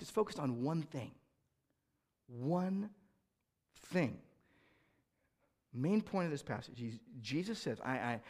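Male pastor, high voice, emphatic sermon delivery with loud peaks and hushed asides. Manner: emphatic, swings between loud rising stresses and quiet low asides.

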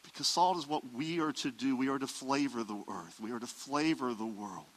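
A man preaching a sermon as pastor, emphatic, swelling loud and dropping soft. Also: medium pitch, normal speed, in a large hall, rough recording.

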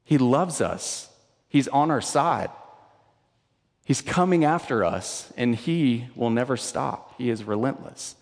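A male pastor in his thirties gives a casual, conversational sermon. His voice sits at an ordinary pitch and rings out with a long reverb, as in a large hall. He restarts his words often and swings from urgent emphasis to quiet, hushed asides. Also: expressive, takes it slowly.

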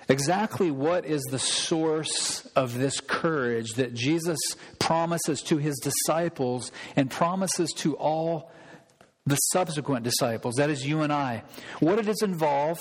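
A pastor delivering a sermon, emphatic and repeating key phrases for weight. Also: male voice, fairly high pitch, measured pace. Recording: long reverb of a large hall.

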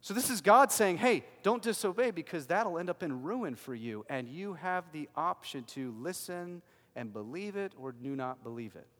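A man preaching a sermon as a pastor, emphatic and swinging from loud declarations to hushed lines. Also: fairly high pitch, animated, normal speed, big-room sound.

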